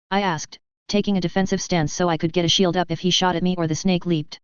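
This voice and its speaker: Low, smooth female audiobook reader with wry delivery; dry, slightly muffled recording. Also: flat delivery, quick pace, few pauses, no echo. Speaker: audiobook narrator. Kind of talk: first-person fan fiction audiobook narration. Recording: dull lo-fi recording.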